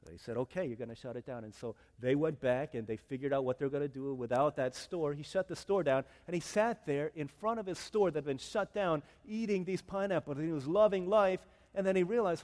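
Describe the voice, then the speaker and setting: A male pastor preaching a sermon, telling a story in a humorous, animated way. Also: on the high side, brisk, hardly any pauses.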